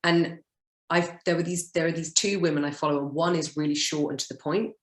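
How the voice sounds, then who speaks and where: A woman's voice: deep voice, steady tone, quick pace, reverberant. A woman being coached, describing in a hesitant, chatty way with many fillers. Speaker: coaching client. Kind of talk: casual chat.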